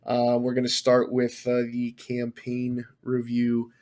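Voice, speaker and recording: A young man hosting a gaming podcast, upbeat and loose, often pausing with "uh". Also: medium pitch, completely flat delivery, a little mellow. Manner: upbeat, with many "uh" fillers. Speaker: podcast host. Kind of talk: casual chat.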